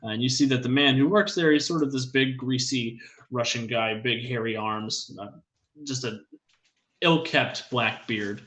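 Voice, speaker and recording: A man running a tabletop game as game master, narrating in a relaxed, easygoing way. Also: mid-range voice, normal speed, highs cut off.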